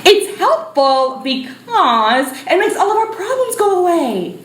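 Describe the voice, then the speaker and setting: A woman's voice: very high voice, very animated, unhurried, a bit bright, echoey room, voice pushed up, full character voice. A woman on stage voicing a bubbly, crude valley-girl personification of a mental disorder, who swears casually and says "like" constantly. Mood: chirpy. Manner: chirpy, sassy, swears casually, lots of "like". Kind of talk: live stage monologue acting. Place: small theatre stage, indoors.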